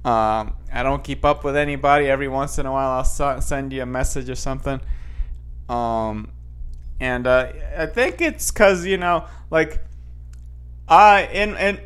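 A man's voice: mid-range voice, moderate pace, a bit bright, clear, resonant tone. A man chatting casually to his viewers and reading news headlines aloud, rambling with many restarts, fillers and asides. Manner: talks straight to viewers. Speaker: vlogger.

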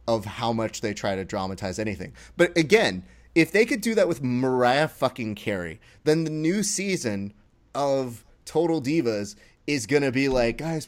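Guy cohosting a wrestling podcast, swears a lot, acts out quotes, middle pitch. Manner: animated, profane, acts out quotes. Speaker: podcast co-host. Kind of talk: casual wrestling chat.

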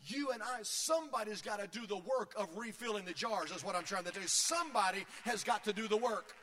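A man preaching a sermon as pastor, swinging between soft asides, shouts and sung phrases. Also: high-pitched, fairly quick. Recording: long hall reverb.

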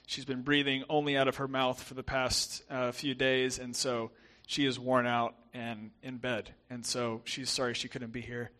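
A young adult man with a softened Southern American accent, preaching as a guest pastor in a chatty, self-deprecating way with many fillers and restarts. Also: mid-range voice, little pitch movement, moderate pace, hardly any pauses. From southern United States. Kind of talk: sermon.

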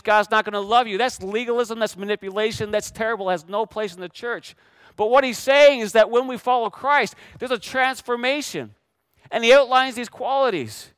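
A man's voice: high-pitched, fairly bright tone, clear, resonant tone, dry recording. A man preaching a sermon as pastor, emphatic, repeating key phrases and asking rhetorical questions.

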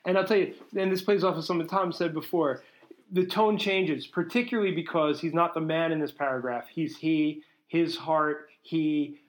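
A man's voice: on the high side, fairly even intonation, moderate pace. A man co-hosting a casual book discussion podcast. He sounds agreeable and conversational and reasons his points out aloud. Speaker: podcast co-host. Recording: roomy echo.

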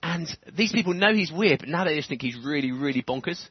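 Husky man preaching a sermon. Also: on the high side, fast talker, dry recording. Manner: animated, chuckles often, builds to fervent emphasis. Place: church. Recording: dull lo-fi church recording.

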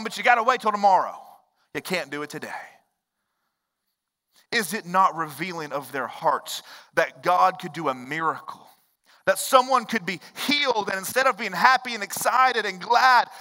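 A man preaching a sermon as pastor, swinging between loud exclaims and hushed low lines and acting out the quoted voices of characters. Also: in a large hall.

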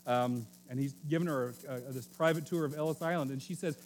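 A middle-aged man from Oklahoma preaching a sermon in a relaxed, conversational storytelling way, joking and correcting himself as he goes. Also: a little high, fast talker, soft background music. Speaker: pastor.

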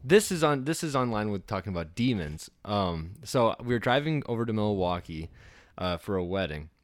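A man's voice: fairly low pitch, big pitch swings, moderate pace, no echo, clean studio sound. A man hosting a casual comedy podcast, telling a story with frequent laughter and swearing. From Iowa. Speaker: podcast host.

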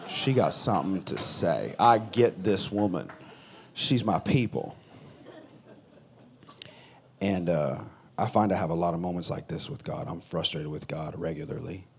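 A man who is a pastor, preaching a sermon in a conversational way, swinging between loud bursts and quiet asides. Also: low voice, unhurried, vocal fry, long pauses, a little hiss or hum.

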